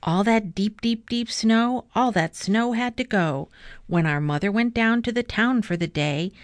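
A woman reading a rhyming children's book aloud in an expressive, rhythmic way. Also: fairly high pitch, a little slow, no room sound. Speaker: storyteller.

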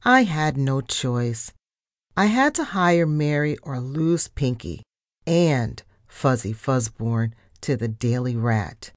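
A woman reading a children's storybook aloud, narrating and giving the characters' lines with lively expression. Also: very deep voice, takes it slowly, dry recording, studio quality.

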